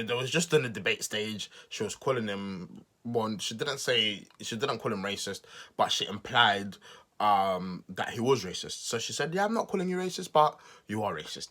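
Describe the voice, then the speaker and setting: A man's voice: lowish voice, bright, forceful tone. A man hosting his own podcast, giving casual political commentary in a rambling way, often restarting his sentences and making self-deprecating asides. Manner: rambling, with frequent restarts and stumbles. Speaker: podcast host.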